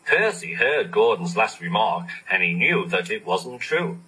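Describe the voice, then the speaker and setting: A man reading a children's storybook aloud, expressive and animated. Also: lowish voice, measured pace, hardly any pauses, slightly rough, poor audio. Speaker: narrator.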